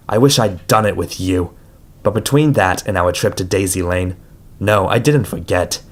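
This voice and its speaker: Brief: a male reader voicing a cruel, controlling man, low and slow, taunting, audiobook. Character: menacing controlling grown male abductor.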